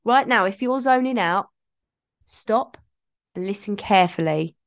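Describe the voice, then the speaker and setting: A woman's voice: mid-range voice, animated, measured pace, smooth. Woman, solo podcast host; chatty, rambling delivery with self-corrections. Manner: chatty, rambling, self-interrupting, laughs at herself.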